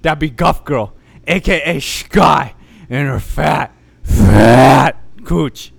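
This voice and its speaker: A man co-hosting a podcast over an online voice call, riffing loosely, swearing and breaking into bursts of yelling. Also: on the high side, takes it slowly, gravelly, no echo. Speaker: podcast co-host. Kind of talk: rowdy casual chat on a call.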